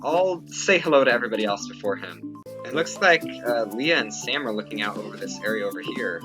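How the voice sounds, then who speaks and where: A man's voice: on the low side, lively intonation, brisk. Young man, casual game commentary, rambling fillers, game music underneath. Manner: chatty, rambling, many fillers. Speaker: let's play host.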